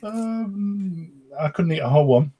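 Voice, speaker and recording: A man's voice: high voice, lively intonation, measured pace, mellow, breathy edge. A man co-hosting a podcast, mixing product opinions with jokes and hesitant ums. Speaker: podcast co-host. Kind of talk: casual chat. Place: at home on an online call.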